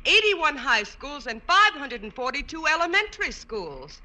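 A woman from New York playing a sensible, quick-witted wife and mother in a 1940s radio sitcom. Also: high-pitched, very animated, bright, forceful tone, full character voice. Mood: teasing. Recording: old radio broadcast recording.

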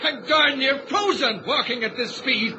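A man's voice: very high voice, measured pace, muffled recording. An actor playing a worried man hurrying through a snowstorm, in old radio drama style. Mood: anxious. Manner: anxious, urgent. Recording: hissy old recording.

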